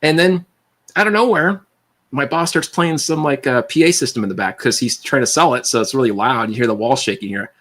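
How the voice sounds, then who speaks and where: A man hosting a livestream, rambling through animated anecdotes and quoting people in his stories. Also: medium pitch, fairly quick. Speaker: livestream host. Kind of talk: casual storytelling chat.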